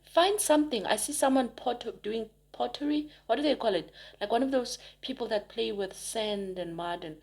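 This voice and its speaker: A woman's voice: a little high, moderate pace, vocal fry, few pauses, darkish tone. A woman giving a casual spoken tarot reading to her viewers, chatty and emphatic, rambling with frequent restarts. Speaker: tarot reader.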